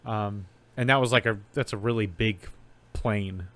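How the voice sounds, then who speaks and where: A man's voice: lowish voice, steady tone, unhurried, fairly bright tone. A man co-hosting a podcast in casual chat, rambling through guesses and making dry jokes. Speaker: podcast co-host.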